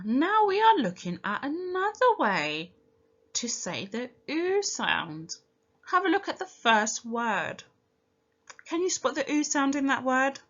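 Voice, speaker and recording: A woman with a British accent teaching a recorded phonics lesson for young children, speaking slowly and clearly and sounding out each letter encouragingly. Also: mid-range voice, a bit bright. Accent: British English. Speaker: primary school teacher. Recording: dull lo-fi home recording.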